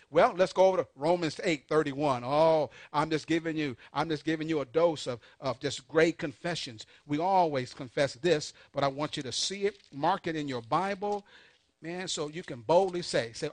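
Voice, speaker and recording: A man preaching a sermon, calling on the congregation to answer back, swinging between soft asides and loud emphatic peaks. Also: on the high side, expressive, moderate pace, dry recording. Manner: call-and-response preaching, urging the congregation. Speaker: pastor.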